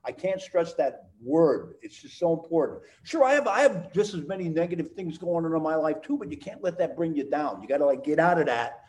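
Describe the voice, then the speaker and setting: A man's voice: a little high, expressive, a little fast, few pauses, a little mellow, rough recording. A man in his sixties, a podcast guest talking in a casual, enthusiastic and rambling way, often repeating words for emphasis. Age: 60s. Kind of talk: casual interview chat.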